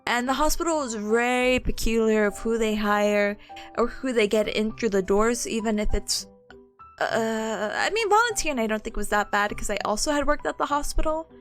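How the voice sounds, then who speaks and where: A woman's voice: on the high side, moderate pace, soft background music. A woman in her twenties chatting on a stream, telling a story with lots of laughter and acting out what people said. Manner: animated storytelling, acts out quoted voices, laughs often. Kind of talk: casual chat stream.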